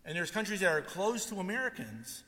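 A man with a high voice, talking a little fast, preaches a sermon in a space with long hall reverb. He's an animated storyteller who acts out the quotes of the people in his stories.

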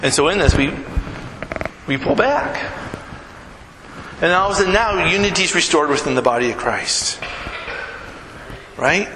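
A man's voice: a little high, expressive, normal speed, long pauses. A man preaching a sermon to his church in a conversational way, often checking in with "right?". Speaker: pastor. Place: church sanctuary. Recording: echoey hall with noise.

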